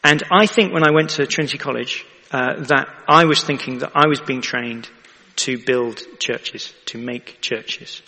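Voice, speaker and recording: Chatty vicar with a gravelly voice. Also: male voice, mid-range voice, a little slow, bright, forceful tone, big-room sound. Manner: chatty, asks the audience for agreement. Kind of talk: sermon.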